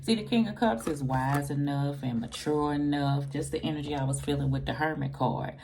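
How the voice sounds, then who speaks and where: A woman with a very low voice and a gravelly edge talks through a tarot reading for her viewers. She speaks in a loose, conversational way, circling back on her own phrases and dropping in slang. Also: normal speed, a little mellow. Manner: loose and conversational, repeats herself, uses slang. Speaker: tarot reader. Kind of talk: casual tarot reading to camera.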